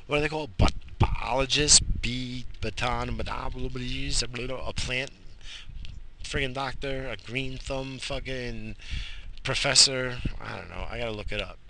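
A man with a gravelly edge and a bright, sharp tone rambles through a casual vlog. He mutters, curses and repeats himself, and he sounds worn out. A faint hum of surroundings sits behind him. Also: mid-range voice, steady tone, measured pace, low-quality recording. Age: adult with a child. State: exhausted. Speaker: vlogger.

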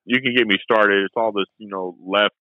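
A man's voice: on the low side, steady tone, a little fast, dry recording. A man chatting on a podcast, rambling and repeating "you know" a lot. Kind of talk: casual podcast chat. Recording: tinny phone-like line.

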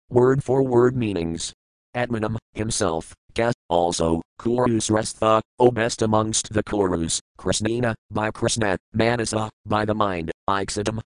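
A man reads scripture aloud in a steady, measured recitation. Even his formatting marks are read out plainly. The sound is close and dry, with no room around it. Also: on the low side, dry recording, rough recording. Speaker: scripture reader. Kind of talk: scripted reading of verses and commentary.

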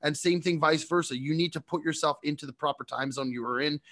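A man co-hosting a casual podcast, telling an animated story and often laughing. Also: a little high, quick pace. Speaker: podcast co-host.

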